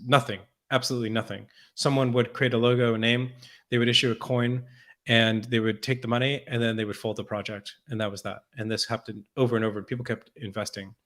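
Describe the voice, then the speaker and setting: A man with a medium-pitched, fairly bright voice appears as a podcast guest in a conversational interview. He speaks thoughtfully and casually, with many restarts and repeated words.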